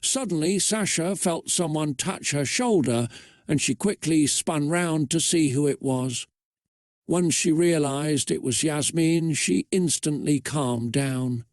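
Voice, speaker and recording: Slow, dry-voiced man reading a story. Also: on the high side, a little mellow, dry recording. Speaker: narrator. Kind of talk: reading a fan story aloud.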